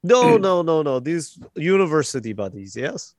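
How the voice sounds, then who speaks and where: A man's voice: fairly high pitch, sing-song, normal speed, a little mellow, no echo, studio quality. A man voicing a foreign male character who speaks broken English and insists all is fine. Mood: insistent.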